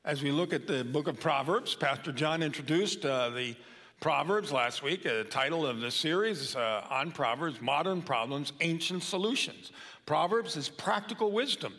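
A man's voice: fairly high pitch, fairly bright tone. An older man giving a sermon as a guest preacher, talking in a loose, conversational way with many fillers. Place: church sanctuary. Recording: long hall reverb.

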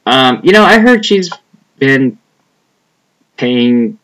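A man's voice: medium pitch, sing-song, slow, a bit bright, rough recording. A young man chatting casually as a podcast co-host, rambling and profane, trailing off with a lot of "like". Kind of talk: casual chat.

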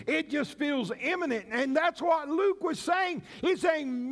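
High-voiced slow-preaching man. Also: lively intonation, gravelly. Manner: preaching with dramatic pauses, acting out quoted cries. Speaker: pastor. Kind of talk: sermon.

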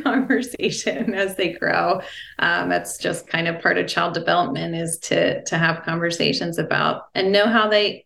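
A woman's voice: lowish voice, vocal fry, a bit bright. A woman guest in a reflective conversation, talking thoughtfully with many fillers. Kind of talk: casual conversation. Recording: echoey room.

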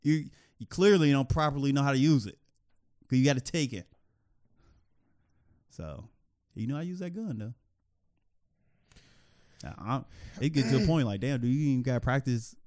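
Animated man chatting casually on a podcast. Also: medium pitch, moderate pace, pauses often, no echo, clean studio sound. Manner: animated, repeats himself, restarts often. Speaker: podcast co-host.

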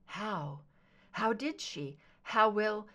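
A woman voicing a troubled, guilt-ridden grown man in an audiobook reading, speaking in a low, halting way. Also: lively intonation, pushed and bright, heavily acted. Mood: shaken.

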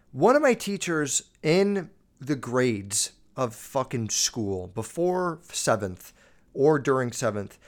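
A young man hosting a podcast, telling rambling, crude stories about his school years and swearing constantly. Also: mid-range voice. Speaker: podcast host. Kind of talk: casual storytelling monologue.

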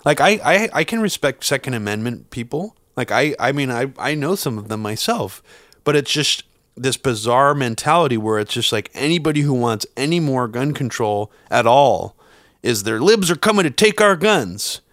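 A man's voice: medium pitch, lively intonation, moderate pace, fairly bright tone, no room sound, studio quality. A man co-hosting a political podcast, blunt and rambling, cursing as he argues. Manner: blunt, rambling with restarts and swearing. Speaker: podcast co-host. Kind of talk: casual political chat.

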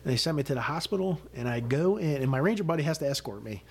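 A middle-aged man, a retired senior army sergeant, telling his story in an interview in a blunt, profane, animated way, acting out what people said. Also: a little high, fast talker, vocal fry, slightly rough. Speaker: guest, retired command sergeant major.

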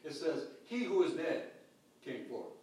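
A pastor preaching a sermon with dynamic swings between loud calls and hushed, quiet lines. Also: male voice, fairly high pitch, lively intonation, a little slow, distant mic. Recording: echoey hall picked up from afar.

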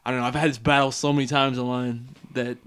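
A man co-hosting a casual podcast, reacting quickly and animatedly, with frequent laughter. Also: medium pitch, little pitch movement, a bit bright, smooth. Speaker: podcast co-host. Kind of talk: casual chat.

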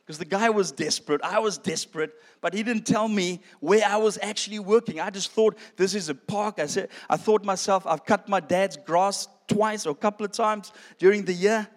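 A man's voice: high-pitched, normal speed, few pauses. A man giving a sermon testimony, telling his story with self-deprecating humor and calling his listeners friends. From South Africa. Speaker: preacher. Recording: long hall reverb.

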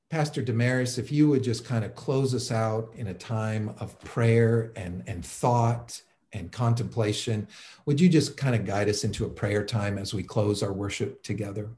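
A man preaching a sermon, telling a story with animated delivery and frequent fillers. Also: on the low side. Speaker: pastor.

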